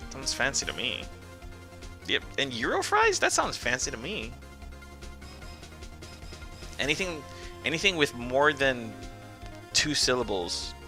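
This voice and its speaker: A man's voice: medium pitch, wildly swooping pitch, a little slow, long pauses, pushed and bright, soft background music. A young man streaming a game who chats casually in a rambling, jokey way. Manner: rambling, jokey, lots of "dude" and "like". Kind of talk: casual chat while playing a game.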